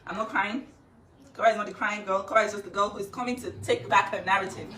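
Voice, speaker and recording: A woman's voice: mid-range voice, steady tone, fast, pushed and bright, echoey room, far from the mic, rough recording. A woman telling her side of a story in a defiant, earnest casual talk. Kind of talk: emotional casual talk to camera.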